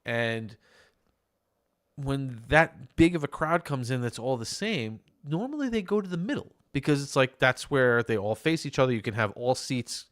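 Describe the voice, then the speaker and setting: A man with a New York accent, co-hosting a casual podcast chat and telling a story with lively, acted-out quotes. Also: mid-range voice, normal speed, dry recording, studio quality. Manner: animated storyteller, acts out quoted lines loudly. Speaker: podcast co-host. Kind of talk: casual chat over beers.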